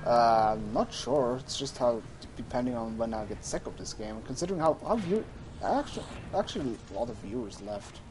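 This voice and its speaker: A man's voice: mid-range voice, lively intonation, a little fast, music in the background. A man streaming a game, chatting casually, rambling and often correcting himself. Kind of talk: casual gaming livestream chat.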